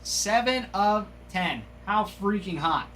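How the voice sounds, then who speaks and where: Gushing, bright-voiced man opening cards. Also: sits high, takes it slowly, a little hiss or hum. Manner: excited, gushing exclamations over each card. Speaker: trading card break host. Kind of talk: live card-opening commentary.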